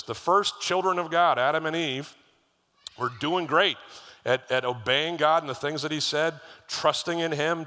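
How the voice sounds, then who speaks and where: With a higher-pitched voice that is bright and forceful, a middle-aged man preaches as lead pastor. The sermon is chatty and story-driven, sprinkled with asides to the congregation, and the recording carries live church hall reverb.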